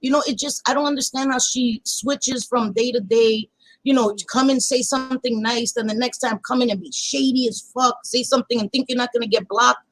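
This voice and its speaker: A woman's voice: on the high side, fairly even intonation, brisk, poor audio. A woman hosting a casual livestream chat, talking bluntly and heatedly and swearing freely. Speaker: channel host.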